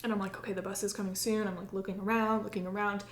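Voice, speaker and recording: A woman's voice: medium pitch, flat delivery, rapid-fire, echoey room, slight background noise. A woman on a podcast telling a personal story in casual chat, full of "like" and acting out her own past lines. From United States. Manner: chatty, many likes, acts out her own past lines. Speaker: podcast co-host.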